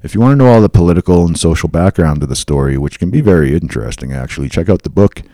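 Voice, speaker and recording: A man's voice: sits low, animated, rapid-fire, dark tone, no echo, studio quality. A man hosting a podcast, reading historical accounts aloud with casual asides. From New England. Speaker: podcast host. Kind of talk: casual storytelling from notes.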